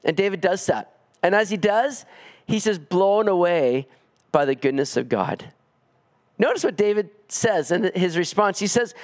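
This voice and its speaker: A man preaching an expository sermon, earnest, climbing higher when he presses a point. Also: very animated, normal speed. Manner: earnest preaching, rising in pitch on emphatic pleas. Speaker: pastor.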